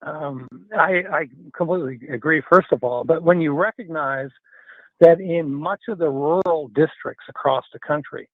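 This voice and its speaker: Radio caller, man, earnest and halting, tinny phone-line sound. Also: fairly high pitch, no echo. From Wisconsin. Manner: earnest, halting, many fillers. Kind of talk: call-in radio comment.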